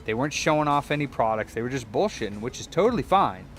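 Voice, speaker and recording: A young man chatting casually as he fixes a controller, rambling through a story, swearing and mimicking people in a higher voice. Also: big pitch swings, quick pace, a bit bright, faint music behind. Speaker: repair shop vlogger. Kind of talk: casual chat while repairing a controller.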